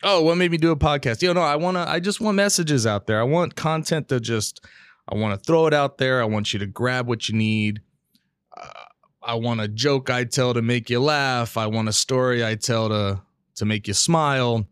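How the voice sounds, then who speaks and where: A man's voice: mid-range voice, moderate pace, a bit bright, clear, resonant tone, dry recording. A man hosting a casual solo podcast, talking in a candid, rambling way with frequent restarts and casual swearing, close to a mic with a pop filter. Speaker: podcast host. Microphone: studio mic with pop filter.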